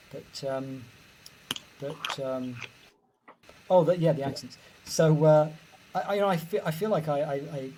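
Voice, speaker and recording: British male author, middle-aged, curious and musing, warms up when he talks about language, video-call sound. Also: medium pitch, a little hiss or hum, rough recording. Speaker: author guest. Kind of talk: casual interview answers.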